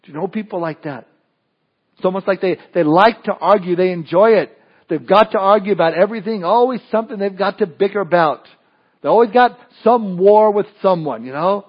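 Man, pastor, sermon, fairly high voice, chatty with restarts, muffled recording. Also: a little fast, slightly rough. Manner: conversational preaching with frequent restarts and asides.

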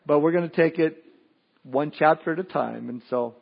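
A pastor with a high voice preaching a sermon, moving between folksy jokes and prayer. The recording is dull and lo-fi, with muffled highs. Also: male voice, moderate pace, creaky. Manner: folksy, joking asides and prayer.

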